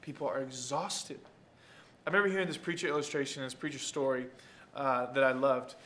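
A male pastor giving an emphatic sermon, dropping low for quiet points and rising into loud calls to the congregation. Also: fairly even intonation, a little fast, a little hiss or hum. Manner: emphatic preaching, swings from soft asides to loud calls; talks straight to the congregation.

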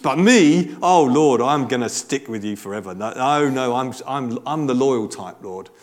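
A man's voice: medium pitch, animated, moderate pace, lightly acted. A man preacher voicing a boastful male disciple swearing loyalty. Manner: boastful, emphatic.

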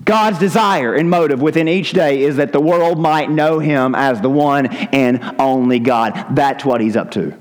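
A man preaching a sermon, dramatic, swinging between loud calls and low hushed lines. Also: measured pace, hardly any pauses, long reverb tail, rough recording. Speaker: pastor. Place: church sanctuary.

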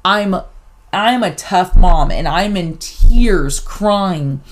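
A middle-aged woman co-hosting a podcast, telling a personal story in a casual, animated way and acting out the back-and-forth. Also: lowish voice, extremely slow. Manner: animated storyteller, acts out quoted exchanges. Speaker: podcast co-host.

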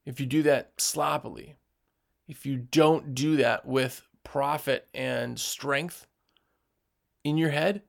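A man's voice: mid-range voice, slow pace, gravelly. A man who runs a window cleaning business, giving direct, emphatic advice to other business owners and acting out what customers say. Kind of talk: motivational business talk.

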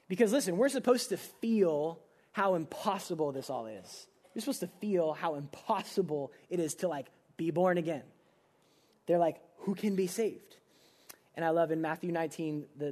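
High-voiced earnest young male preacher. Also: brisk. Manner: earnest, swinging between loud pleading and hushed intensity; casual, uses many filler "like"s. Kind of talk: sermon.

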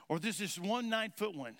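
A male pastor with a drawl preaches in a folksy storytelling manner and keeps quizzing the congregation. His voice sits a little high for a man, and the sound trails off into a long, ringing church reverb. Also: vocal fry, fairly bright tone. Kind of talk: sermon. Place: church sanctuary.

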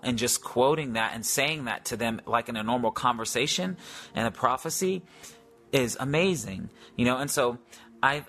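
A man in a mid-range voice shares a faith testimony in plain, unpolished talk. He rambles, restarts his sentences, and leans on fillers. Quiet music sits faintly in the background. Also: mid-range voice. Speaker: Christian speaker.

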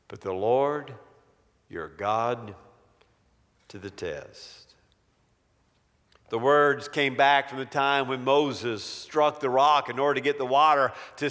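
A man preaching a sermon, telling a story in a measured and emphatic way. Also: fairly high pitch, fairly bright tone, long reverb tail.

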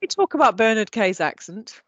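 A woman co-hosting a podcast, chatting in an animated, sweary way and laughing often. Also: on the high side, normal speed, dry recording, highs cut off. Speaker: podcast co-host. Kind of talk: casual chat.

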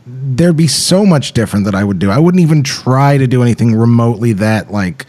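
Mellow-voiced man, blunt podcast host. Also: mid-range voice, animated, brisk. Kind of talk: casual podcast chat.

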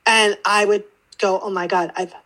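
A woman's voice: mid-range voice, normal speed, low-quality recording. A woman guest on an interview podcast, telling her story casually and acting out the voices in it. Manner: animated, acts out quoted dialogue. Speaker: podcast guest, intuitive teacher.

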